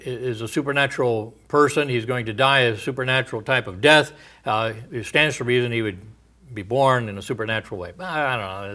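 A male pastor working through scripture in a teaching sermon. His voice sits at an ordinary middle pitch, and he talks in a halting, thinking-aloud way with many fillers and repeated starts. His phrases often sink into a quiet murmur at the end. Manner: thoughtful, halting with frequent restarts and fillers. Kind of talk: expository sermon.

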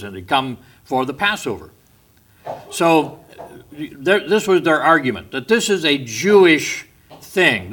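A man's voice: medium pitch, sharp tone. A man giving a Bible study lecture, explaining step by step, stressing key words and restating his points. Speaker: Bible teacher.

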